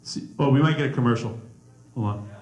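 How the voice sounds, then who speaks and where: A man's voice: mid-range voice, fairly quick. Joking man lecturing in an echoey hall. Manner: joking, animated, chatty. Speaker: rapper and math professor giving a talk. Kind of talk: lively campus talk with humor. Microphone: handheld mic. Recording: echoey room.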